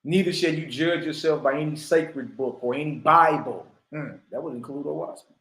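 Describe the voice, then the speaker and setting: A man's voice: on the high side, moderate pace, a bit bright. Fiery preaching man in an echoey room. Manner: fiery, rhetorical, keeps asking the listeners questions. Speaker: teacher. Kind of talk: preaching lesson reading from a text.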